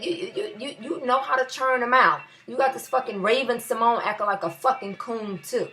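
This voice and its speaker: A woman's voice: a little high, lively intonation, moderate pace, sharp tone, faint music behind. A young woman with a New York area accent, ranting heatedly in a video blog, cursing and repeating phrases for emphasis. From US tri-state area. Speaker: vlogger.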